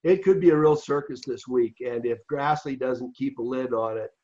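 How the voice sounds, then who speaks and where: A man explains legal procedure in a measured, lawyerly way, restarting sentences as he works through each point. His voice sits in a middle register. The recording is muffled and lo-fi. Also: medium pitch, a little mellow. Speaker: co-host. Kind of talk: casual political discussion.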